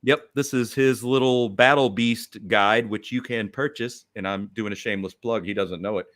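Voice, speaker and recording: A man's voice: on the low side, steady tone, moderate pace, fairly bright tone. Rambling, enthusiastic male guest. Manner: rambling, enthusiastic, self-deprecating. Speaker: guest toy collector. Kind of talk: casual livestream chat.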